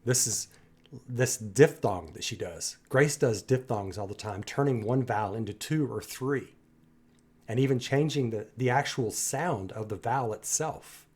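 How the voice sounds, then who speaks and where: A husky-voiced man hosts a music reaction video at a middling pitch. He dissects a singer's performance with eager admiration, circling back and restarting his thoughts as he talks. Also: measured pace, darkish tone. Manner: enthusiastic, admiring, rambling with restarts. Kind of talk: music analysis commentary.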